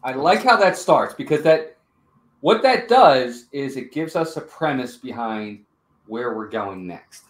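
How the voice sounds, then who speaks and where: A man's voice: mid-range voice, big pitch swings, a little slow, roomy sound. A man co-hosting a live-streamed movie review, chatting and greeting viewers in the chat. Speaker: podcast co-host.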